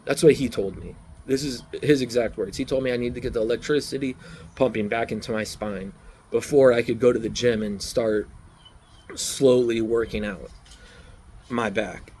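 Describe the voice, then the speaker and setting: A man's voice: mid-range voice, fairly even intonation, normal speed, a little mellow, slight background noise. A man casually telling his own story outdoors, rambling and repeating key phrases over and over. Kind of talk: casual first-person storytelling.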